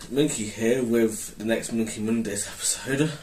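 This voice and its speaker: A man's voice: lowish voice, fairly even intonation, moderate pace, a little mellow. A man hosting his own gaming channel, rambling and correcting himself as he comments on his play. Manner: rambling, hesitant, self-correcting. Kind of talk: casual gameplay commentary. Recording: roomy, mic held far off with faint noise.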